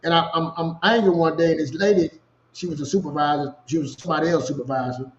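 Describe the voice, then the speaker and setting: A man with a Louisiana accent, a co-host telling a personal story in casual, animated talk. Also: on the high side, fast talker, muffled recording, slight background noise. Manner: animated storyteller, repeats "you know what I'm saying". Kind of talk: storytelling chat.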